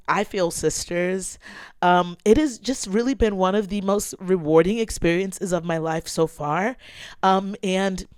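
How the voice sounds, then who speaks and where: A woman's voice: mid-range voice, clean tone, dry recording. A woman podcast host in her thirties telling a personal story to her listeners, emotional and close to tears, talking expressively and calling them y'all. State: tearful. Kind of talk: casual personal vlog talk.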